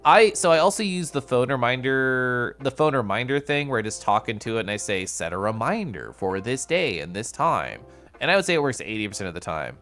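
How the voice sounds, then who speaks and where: A man streaming a casual chat with viewers, with playful sing-song intonation and drawn-out syllables, sometimes sinking into soft, quiet murmurs. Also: mid-range voice, very animated, soft background music. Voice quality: comfy, distinctive voice. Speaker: livestreamer.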